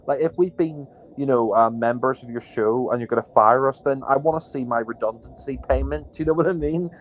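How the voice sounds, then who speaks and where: A man's voice: mid-range voice, a little fast, a little hiss or hum, poor audio. A man co-hosting a podcast, indignant and rambling, with many fillers. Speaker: podcast co-host. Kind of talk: heated podcast rant.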